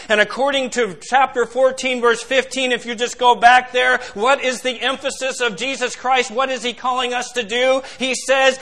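A man delivers a sermon in a high, bright voice, calling the listeners beloved and pressing them with questions. He moves between ringing declarations and quiet, hushed asides. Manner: emphatic, swings between loud and hushed; addresses congregation as beloved, asks questions. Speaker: pastor.

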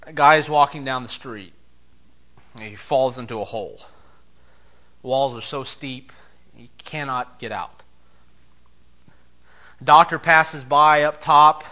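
Taking it slowly with long pauses, a man preaches as pastor. His delivery is emphatic, shifting from loud declarations to soft, low asides.

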